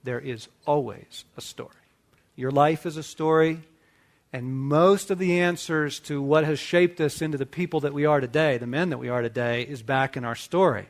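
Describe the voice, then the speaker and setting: A middle-aged man hosting a talk to men, telling a movie story with lively acted-out dialogue. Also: a little high, moderate pace. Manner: animated storyteller acting out dialogue. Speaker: host. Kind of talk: casual teaching talk to men.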